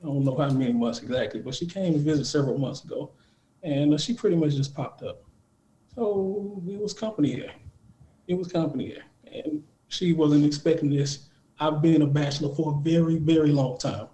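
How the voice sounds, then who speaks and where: Man, forties, heated panel debate, insistent, slightly high voice, echoey room. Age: 40s. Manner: animated, insistent storyteller. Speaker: panel guest.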